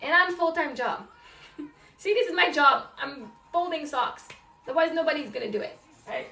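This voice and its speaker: A woman's voice: high-pitched, animated, moderate pace, creaky, bright, forceful tone, reverberant, far from the mic, soft background music. A woman venting candidly about motherhood in casual live-stream chat while folding laundry at home, swearing and laughing often. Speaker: live streamer, single mom.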